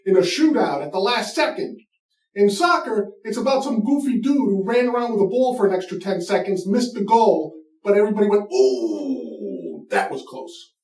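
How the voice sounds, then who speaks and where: Hosting a comedy show, a man delivers a comedic rant that's mocking, profane and emphatic. His voice sits high with a darkish tone, captured in an echoey room with the mic far off.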